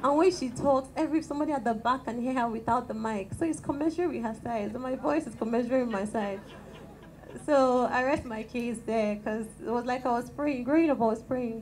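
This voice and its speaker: A Nigerian woman with a tiny, soft voice, praying and speaking calmly and gently to a church women's gathering into a handheld microphone. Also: on the high side, a little fast, a little hiss or hum, poor audio. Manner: calm and gentle, chatty with light laughs. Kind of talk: prayer and talk to a church gathering.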